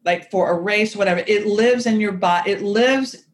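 A woman guest in a casual podcast chat, telling a story in an expressive, emphatic way. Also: mid-range voice, moderate pace.

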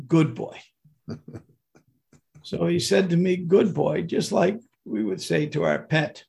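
An older man telling a personal story as a guest, earnest and slowing down on emotional words, with a raspy, gravelly voice. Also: fairly high pitch, darkish tone.

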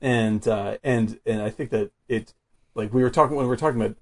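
A man's voice: mid-range voice, fairly quick. A man hosting a casual film discussion, chatty and filling his talk with "like". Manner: chatty, fills with "like". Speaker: podcast host.

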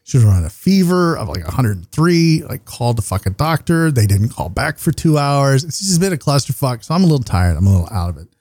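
A man's voice: medium pitch, very animated, quick pace, few pauses, a little mellow, no room sound. Tired-sounding man, dry podcast mic. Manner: rambling, profane, jokey. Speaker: podcast host. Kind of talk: casual chat.

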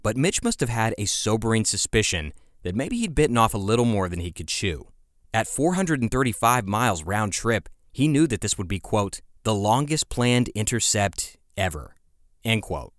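A man with a lowish voice narrates a history podcast in a relaxed, conversational way, slipping casual asides into the scripted telling. The recording is close and dry, with no room sound. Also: moderate pace, dry recording. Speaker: podcast host.

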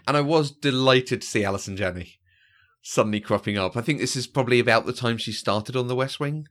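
A man's voice: medium pitch, a little fast, fairly bright tone. A man co-hosting a podcast, chatting casually about a film, hesitant with many fillers and frequent laughs. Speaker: podcast co-host. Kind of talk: casual film review chat.

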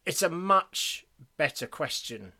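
A man co-hosting a faith podcast, chatty and quick to laugh, slowing down to stress a point. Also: a little high, very animated, bright, forceful tone. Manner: chatty, laughs easily, slows down for emphasis. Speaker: podcast co-host reading listener emails. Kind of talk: casual faith discussion.

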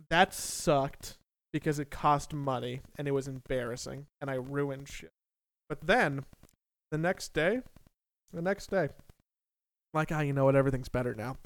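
In this chatty storytelling clip, a young man pokes fun at himself with lively energy and swears plenty. He has a somewhat high, smooth, clear voice, captured in a close, dry recording.

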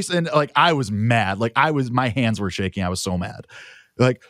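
A man's voice: a little high, very animated, brisk, dry recording, studio quality. A man on a talk show telling a rambling personal story in casual chat, full of fillers.

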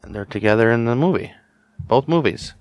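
A man's voice: mid-range voice, expressive, brisk, no room sound. A man co-hosting a casual true-crime podcast, bantering and joking with his co-host. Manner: joking, laughing, playful banter.

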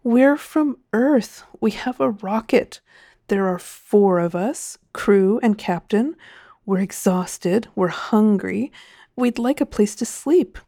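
A woman's voice: mid-range voice, animated, slow, dark tone, no room sound, clean studio sound. A woman voicing a tired male rocket captain who pleads hesitantly for recognition. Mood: weary.

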